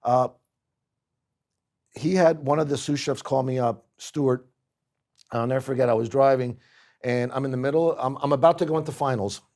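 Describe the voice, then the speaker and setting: A man's voice: mid-range voice, normal speed, pauses often. A man from Puerto Rico, a guest chef telling stories casually and acting out the people in them. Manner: animated, acts out the people in his stories. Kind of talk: casual storytelling on a podcast.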